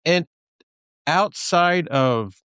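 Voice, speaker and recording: A man's voice: fairly high pitch, expressive, extremely slow, fairly bright tone, clean tone, dry recording, studio quality. A man from Texas hosting a podcast in casual chat, rambling with lots of fillers and restarts. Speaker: podcast host.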